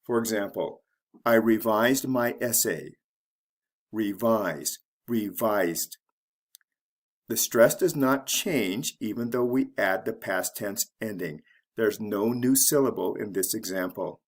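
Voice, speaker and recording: A man teaching an English pronunciation lesson, spelling out word endings letter by letter in a measured, deliberate way. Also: fairly low pitch. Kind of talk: slow scripted grammar lesson.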